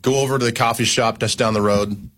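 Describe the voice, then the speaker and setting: A man's voice: medium pitch, quick pace. A middle-aged man co-hosting a radio show, telling a story animatedly in casual on-air banter. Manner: animated storyteller, acts out quotes.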